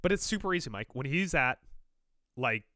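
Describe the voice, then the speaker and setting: A man's voice: mid-range voice, expressive, normal speed, sharp tone, dry recording, studio quality. A man co-hosting a sports podcast, joking and teasing in casual chat, a little stuffy from allergies. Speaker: podcast co-host.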